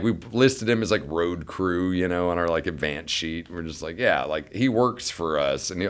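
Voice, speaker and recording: A man in his thirties, a bandleader, telling a casual, profane story among friends and acting out the voices in it. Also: low voice. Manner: animated, profane, acts out quoted voices. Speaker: bandleader and musician.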